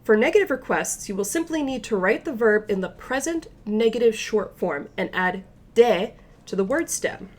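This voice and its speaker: A woman's voice: fairly high pitch, expressive. Woman teaching a patient language lesson. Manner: patient step-by-step explanations, slows down for example phrases.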